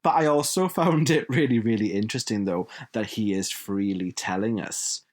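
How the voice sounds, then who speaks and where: A man's voice: on the low side, normal speed, darkish tone. A man hosting a podcast, chatting enthusiastically and laughing often. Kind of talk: casual chat.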